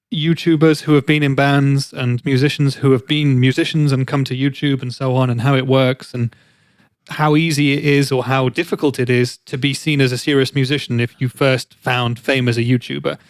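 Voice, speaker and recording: A man's voice: mid-range voice, flat delivery, moderate pace, no echo, studio quality. A man co-hosting a podcast, chatty and rambling through explanations in casual chat. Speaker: podcast co-host.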